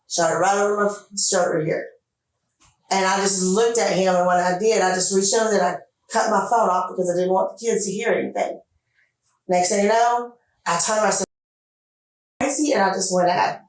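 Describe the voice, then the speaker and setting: A woman being interviewed by detectives, retelling events in an animated way, acting out what was said and swearing freely. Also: mid-range voice. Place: interrogation room. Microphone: distant room camera mic. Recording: echoey room picked up from far off.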